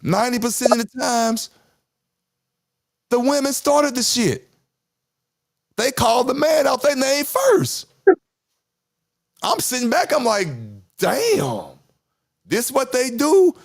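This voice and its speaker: A man's voice: extremely high pitch, measured pace, pauses often. A man, talking candidly in casual chat, rambling, repeating himself and swearing. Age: 50s. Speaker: podcast host.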